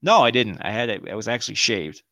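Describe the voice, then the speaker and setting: A man telling a rough personal story as a podcast host, swearing freely and laughing often. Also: lowish voice, fast. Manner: profane, laughing, animated storyteller. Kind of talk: casual storytelling.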